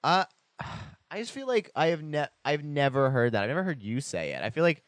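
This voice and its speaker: Teasing man, higher voice, dry sound. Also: big pitch swings, normal speed, no room sound. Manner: teasing, playful. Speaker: podcast co-host. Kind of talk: casual podcast chat.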